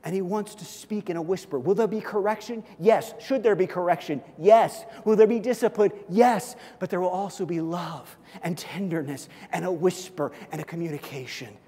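A man preaching a sermon as pastor, swinging between loud emphasis and soft near-whispers. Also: high-pitched, normal speed. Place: church sanctuary. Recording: long hall reverb.

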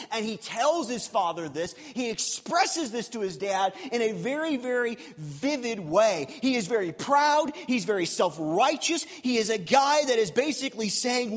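A man's voice: sits high, big-room sound. A man, a pastor, preaching a sermon in a conversational way, asking his listeners rhetorical questions.

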